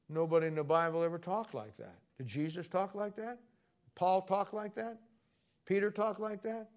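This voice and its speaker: Combative preacher man, mocking and rambling. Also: on the high side. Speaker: Bible teacher. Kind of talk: Bible study sermon. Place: church or studio with a wall sign.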